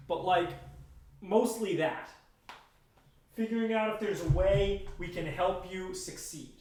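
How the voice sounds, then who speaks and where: A man's voice: sits high, measured pace, long pauses, a little mellow, echoey room. A man in his thirties live-streaming his programming work, talking bluntly and with exasperation, often restarting his sentences. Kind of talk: casual live-stream talk.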